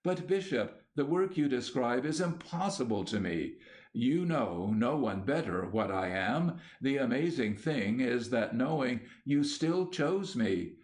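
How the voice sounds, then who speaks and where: A man's voice: mid-range voice, sing-song, unhurried, a little mellow. A man voicing an earnest, troubled younger man who speaks in an urgent, pleading way.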